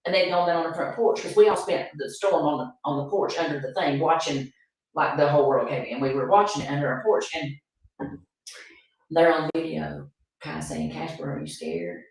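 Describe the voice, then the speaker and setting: A woman's voice: deep voice, normal speed, creaky, a little mellow. A middle-aged woman from Appalachian North Carolina hosting a podcast, talking earnestly and repeating herself for emphasis. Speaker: podcast host. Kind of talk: emotional casual conversation. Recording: echoey room, far from the mic.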